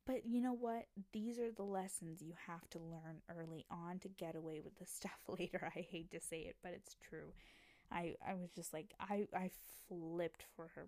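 Animated young woman podcaster, dry sound. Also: medium pitch, a little fast, no echo. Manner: animated, excitable storytelling with quoted voices. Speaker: podcast host. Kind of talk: casual chat.

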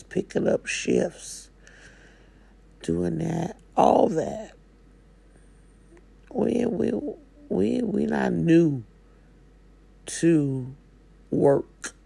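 Slow-talking woman with a real husky rough voice, folksy slang, chatting from her living room. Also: low-pitched, warm tone, dry recording. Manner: folksy, drawling, slangy Southern-style speech. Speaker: spiritual coach. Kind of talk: casual motivational talk.

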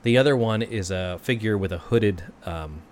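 A man's voice: lowish voice, moderate pace. Casual man running a tabletop game. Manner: casual, with fillers and frequent laughs. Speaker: game master.

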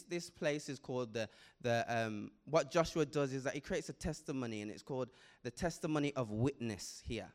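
A man preaching a sermon with impassioned delivery, building to loud emphatic peaks with frequent repetitions and restarts. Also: fairly high pitch.

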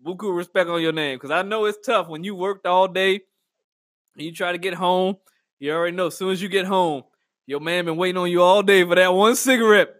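A man riffing through a casual comedic monologue, animated and rambling, laughing at his own jokes. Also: sits high, fairly quick, no echo, studio quality. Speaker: comedic vlogger.

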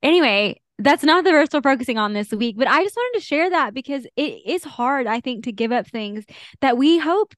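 This woman co-hosts a faith podcast and talks candidly and earnestly, almost confessionally, with fillers and little laughs in a casual faith chat. Her voice sits high and is expressive at a moderate pace, recorded in studio quality without echo.

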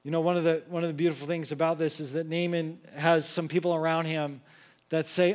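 High-voiced man preaching casually. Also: brisk. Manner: casual, conversational preaching with lively acted quotes. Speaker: pastor. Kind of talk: sermon.

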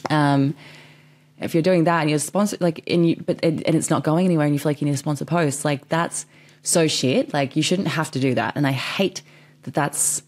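A woman's voice: sits low, fairly quick, a little mellow. A young woman hosting her own podcast, chatting casually with lots of filler words and frequent swearing. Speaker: podcast host. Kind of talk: casual solo podcast chat.

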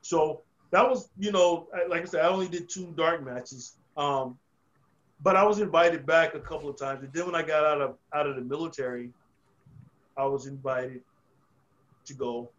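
Profane man telling stories, slightly high voice. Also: moderate pace, a bit bright, muffled recording. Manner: profane, rambling with frequent restarts. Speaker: podcast guest. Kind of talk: casual storytelling.

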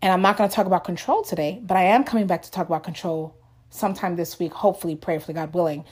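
A woman's voice: fairly low pitch, fast talker, breathy edge. Chatty woman telling a story. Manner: chatty, animated, laughs often, addresses viewers as guys. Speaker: vlogger. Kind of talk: casual storytelling vlog.

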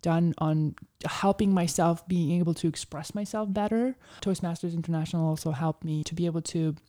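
A woman's voice: fairly low pitch, brisk, dark tone. A woman talking as an interview guest, chatty and telling stories with plenty of "like". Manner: chatty storyteller, heavy use of "like". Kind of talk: casual interview conversation.

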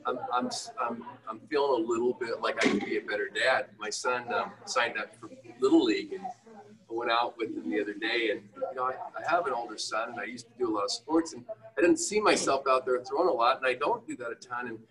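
A man's voice: mid-range voice, brisk, distant mic, a crowd in the background, poor audio. A middle-aged man, an entrepreneur and father, telling candid, self-deprecating stories and quoting himself. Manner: animated, self-deprecating, quotes himself in raised voices. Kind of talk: candid storytelling in a conversation.

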